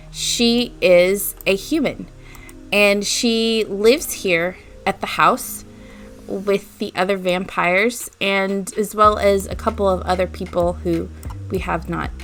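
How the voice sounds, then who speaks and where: A woman's voice: medium pitch, fairly bright tone. A woman hosting a let's play, retelling the story of her game in a chatty way. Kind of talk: casual game narration.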